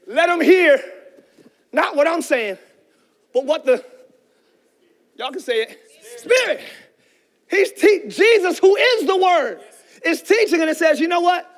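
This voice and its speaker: A male pastor preaches a sermon with fervent energy, frequently shouting and calling out to the congregation. His voice is extremely high-pitched.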